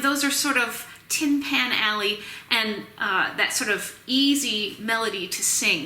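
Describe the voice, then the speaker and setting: A woman's voice: fairly high pitch, bright, forceful tone. A woman giving a recorded music history lecture in a chatty way, with many fillers and restarts. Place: Tennessee. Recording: echoey room.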